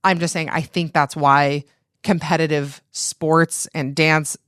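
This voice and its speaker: Rambling low-voiced woman from Utah. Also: fairly even intonation, slow pace, a bit bright, dry recording, studio quality. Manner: rambling, lots of "like" fillers. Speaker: podcast guest. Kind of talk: casual chat.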